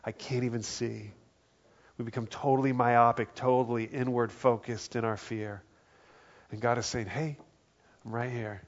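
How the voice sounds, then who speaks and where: A man preaching a sermon as pastor, earnest, dropping to a hushed voice for quoted lines. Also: medium pitch, little pitch movement, normal speed, dull audio. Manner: earnest, drops to soft quiet tones for quoted words.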